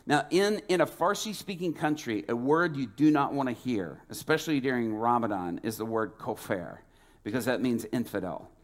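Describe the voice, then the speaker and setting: A man preaching, telling a testimony as a lively storyteller who acts out the dialogue. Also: medium pitch, normal speed. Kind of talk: sermon testimony.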